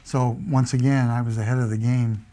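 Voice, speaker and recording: In an oral history interview, an older American man who retired from the Air Force shares his stories in a fairly quick, mid-range male voice. His storytelling is relaxed and anecdotal, and he acts out the dialogue he quotes.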